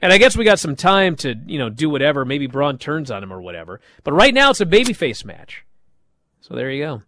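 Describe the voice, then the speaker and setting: A man hosting a show, recapping wrestling in a casual, animated way and acting out the quoted lines. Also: fairly high pitch, a little fast, no room sound, clean studio sound.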